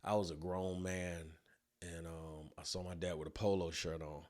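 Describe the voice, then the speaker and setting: A man and business owner telling a personal story in a colloquial, animated storytelling way. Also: deep voice, moderate pace. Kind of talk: storytelling talk.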